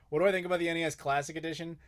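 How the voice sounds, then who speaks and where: A young man hosting a live Q&A, chatting casually and bluntly, swearing often and joking with viewers. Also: fairly high pitch. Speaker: host.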